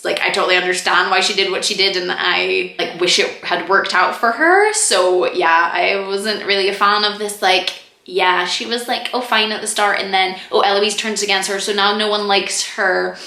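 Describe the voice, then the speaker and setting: A young woman chatting casually as she reviews a TV series, full of "like" and quick laughs. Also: medium pitch, creaky, sharp tone. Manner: chatty, lots of "like", quick laughs and mock quotes. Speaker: TV review vlogger. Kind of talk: casual review chat to camera. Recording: echoey room.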